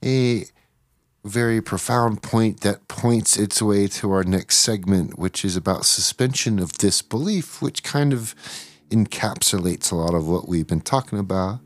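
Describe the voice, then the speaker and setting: Very deep-voiced man on a podcast. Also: unhurried, no echo. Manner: leads into segments. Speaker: podcast co-host. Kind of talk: casual chat and reading a quote.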